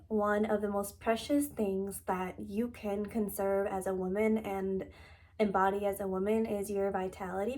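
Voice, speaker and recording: A young woman talking to camera in a casual vlog, soft, relaxed and heartfelt. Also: mid-range voice. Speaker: lifestyle vlogger.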